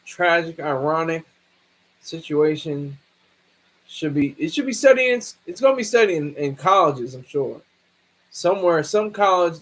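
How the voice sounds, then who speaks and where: Guy with a high voice riffing on his stream, lots of stops and restarts. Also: husky, poor audio. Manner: rambling, halting, many restarts. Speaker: livestream host. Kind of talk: casual livestream commentary.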